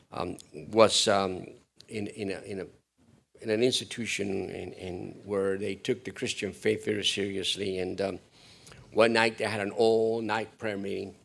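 Guy preaching in church, gets loud and excited then drops low, jokes with the crowd. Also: creaky. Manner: animated, rises to loud emphatic peaks, jokes with congregation. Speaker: pastor. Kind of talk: sermon.

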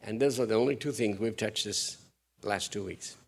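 Male pastor, sermon delivery, animated with emphatic high peaks, playful asides to the congregation. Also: normal speed.

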